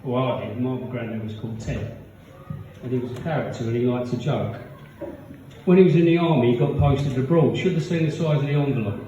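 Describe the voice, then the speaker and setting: Comedian in a roomy live venue. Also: male voice, mid-range voice, a little fast, background noise. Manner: punchy joke delivery, acts out characters. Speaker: stand-up comedian. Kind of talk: live stand-up set. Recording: roomy, distant, dull live recording.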